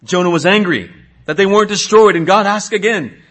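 A man's voice: sits high, brisk, fairly bright tone. A middle-aged man, a pastor, preaching a sermon in an earnest way, asking questions and sometimes restarting.

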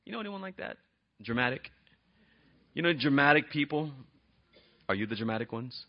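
A man's voice: mid-range voice, animated, brisk, dull audio. A male pastor preaching a sermon in a conversational way, often asking the congregation questions.

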